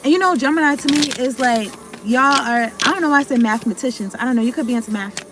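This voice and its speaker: A woman's voice: sits high, quick pace, noisy background. A woman giving a casual tarot reading to her viewers, rambling, cutting herself off mid-thought and talking in slang with some swearing. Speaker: tarot card reader.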